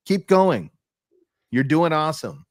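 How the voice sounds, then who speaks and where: A man's voice: on the high side, huge pitch swings, takes it slowly, vocal fry, no room sound. Man, co-host, upbeat rambling chat, dry close sound. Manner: upbeat, rambling, peppers talk with "right?" and "you know". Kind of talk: casual podcast chat.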